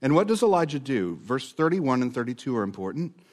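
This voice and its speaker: A man's voice: medium pitch, sing-song, a little fast, darkish tone. A man preaching a sermon, earnest and building to emphatic repetition. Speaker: pastor.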